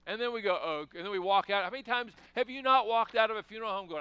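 High bright-voiced male preacher. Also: fast talker, clear, resonant tone. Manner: conversational preaching with rhetorical questions and sudden emphatic bursts. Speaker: pastor. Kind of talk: sermon.

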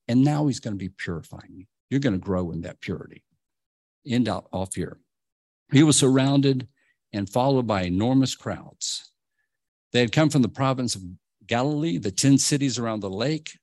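A man preaching with emphatic energy, jumping up into loud bursts and then dropping to hushed, low lines. His voice sits at an ordinary middle pitch. The recording is dry and close, with no room sound. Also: breathy edge, no echo. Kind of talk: sermon.

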